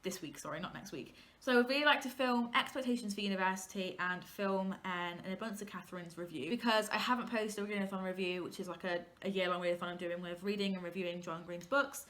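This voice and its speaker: A young woman from England in her late teens rambles cheerfully to camera from her kitchen. She sounds slightly out of breath, and her voice is bright and forward. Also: mid-range voice, fast talker, hardly any pauses. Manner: chatty and rambling, talking to camera. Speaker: vlogger. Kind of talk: casual chat. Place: home kitchen.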